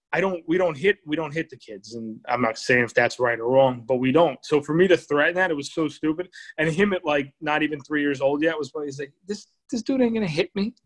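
A young adult man co-hosting a chat, telling family anecdotes in a lively, laughing way. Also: a little high, a little fast. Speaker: podcast co-host. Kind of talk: casual chat.

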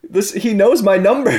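Laid-back man who laughs easily. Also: high-pitched. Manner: laughs often, easygoing replies. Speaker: podcast co-host. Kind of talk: casual chat.

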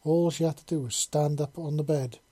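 Calm man with a dark husky voice. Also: fairly high pitch, normal speed. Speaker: narrator. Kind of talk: storybook reading.

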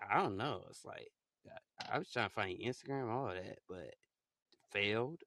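Casting a young male podcast host: rambling slangy chat, gravelly edge, bright tone. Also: fairly low pitch, lively intonation, moderate pace, slight background noise. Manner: rambling, loose slangy talk with many fillers.

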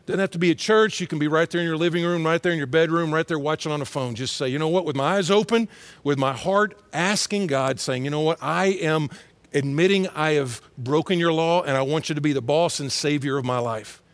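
A man's voice: on the high side, a little fast, dry recording. A middle-aged man from Texas, preaching a conversational sermon and acting out quoted voices. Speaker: pastor.

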